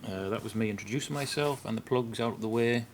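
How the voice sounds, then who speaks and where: Talking at a quick pace in a voice on the low side, a northern English man from northern England offers casual first-time commentary for his video game guide. He comes across hesitant and somewhat nervous, um-ing and uh-ing often, over slight background noise.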